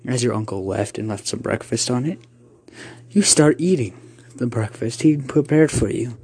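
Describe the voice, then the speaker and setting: A man's voice: mid-range voice, moderate pace, darkish tone, husky, no echo. A man narrating a second-person horror story, rambling with restarts.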